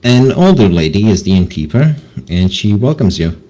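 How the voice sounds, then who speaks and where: A man narrating as game master for a tabletop game, casual and halting, with many fillers. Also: fairly low pitch, very animated, mellow, poor audio.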